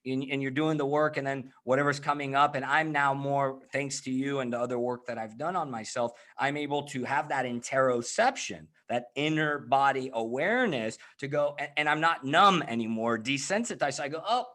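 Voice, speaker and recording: A man's voice: mid-range voice, a little fast, hardly any pauses, bright, forceful tone. A man hosting a casual podcast conversation, talking in a reflective, searching way with frequent restarts. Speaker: host.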